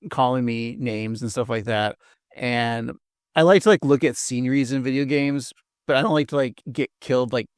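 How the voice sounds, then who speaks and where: A man's voice: medium pitch, clear, resonant tone, no echo. A man co-hosts a podcast in loose, joking chat, padding his talk with fillers. The dry, close sound has no room around it. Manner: joking, rambling, lots of fillers. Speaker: podcast co-host.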